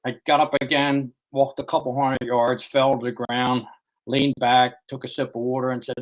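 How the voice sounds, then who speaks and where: Telling a lengthy story about his own experience, this male author being interviewed wanders as he talks, filling it with "you know" and breaking off sentences to start again. He speaks at medium pitch and a moderate pace over a rough recording.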